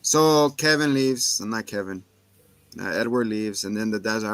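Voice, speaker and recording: A man casually recapping a film for a podcast, retelling scenes with quick voices for the characters. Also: medium pitch, a bit bright, no room sound. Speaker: podcast co-host. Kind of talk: casual movie review chat.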